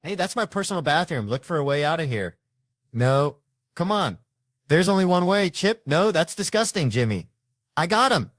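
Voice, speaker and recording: An actor voicing a small, excitable male cartoon chipmunk who bickers in a squeaky, frantic voice. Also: moderate pace, dry recording, studio quality. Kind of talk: animated film dialogue.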